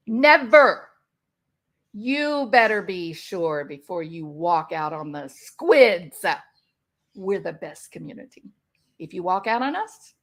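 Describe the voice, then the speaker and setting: A woman voicing a manipulative female narcissist, talking down to someone in a slow, mocking way. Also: medium pitch, a bit bright, voice pushed down, heavily acted. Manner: condescending, drawn-out mocking delivery.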